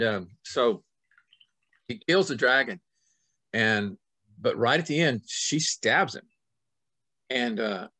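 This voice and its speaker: Male author guest, middle-aged, animated yarn-spinner, dry close recording. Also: medium pitch, slightly rough, dry recording. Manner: lively, acts out scenes with sudden loud and soft swings. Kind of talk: animated storytelling in conversation.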